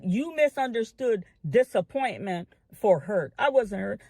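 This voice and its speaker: A woman's voice: mid-range voice, a little mellow, no echo. A woman commentator making an impassioned address to her online followers, repeating phrases and stalling on long "um" fillers. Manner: addresses the audience as family.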